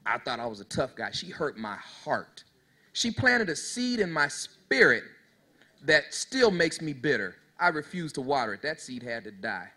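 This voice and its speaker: A man in his thirties delivering a motivational talk to a young crowd, his voice bright and forceful and swinging widely up and down. He preaches in call-and-response and spins folksy stories. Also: a little high, big pitch swings, normal speed. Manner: preachy call-and-response, talks straight to the audience; storytelling, folksy. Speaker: motivational speaker to youth. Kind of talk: motivational speech.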